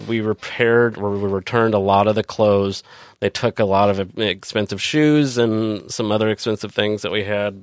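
A man speaking as a guest in a relaxed, storytelling way. His voice sits low and he rambles, stopping and restarting often. The sound is dry, with no room echo. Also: clean tone. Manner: rambling, many fillers and restarts. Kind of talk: casual storytelling.

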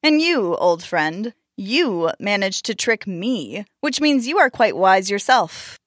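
A woman voicing a sly, scheming male hare trickster in a storybook tale, smooth and wheedling. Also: medium pitch, very animated, takes it slowly, fairly bright tone, no echo, studio quality, exaggerated voice.

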